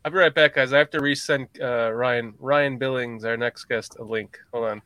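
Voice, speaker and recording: A man's voice: medium pitch, steady tone, moderate pace, sharp tone, clear, resonant tone, no echo. A man hosting a casual sports podcast, playful and laughing along with his guests. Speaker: podcast host.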